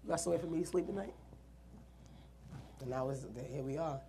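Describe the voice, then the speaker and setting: A woman's voice: deep voice, a little fast, noisy background. A woman earnestly telling her own story in an interview, acting out the quoted dialogue with animation. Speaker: guest artist.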